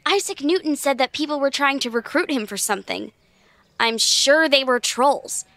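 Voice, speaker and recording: Molly, a bright brainy girl. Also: sits high, no echo. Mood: curious. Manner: quick-witted, problem-solving. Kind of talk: children's audio drama.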